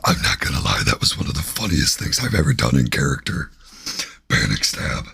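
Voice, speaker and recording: A man voicing a deep, growling male demon that speaks slowly and teases in a playfully threatening way. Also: very animated, bright, forceful tone, exaggerated voice. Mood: amused. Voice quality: gravelly, cavernous low growl. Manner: slow, teasing, playfully threatening. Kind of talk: live-stream character voice.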